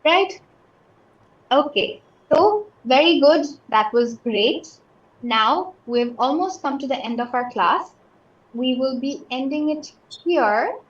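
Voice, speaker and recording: A woman from Bangladesh teaches an English lesson, working through example after example and checking that students understand. Her voice sits a little high. The audio is somewhat dull and echoey, like an online class. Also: animated, slow pace. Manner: patient, explains with many examples and checks understanding.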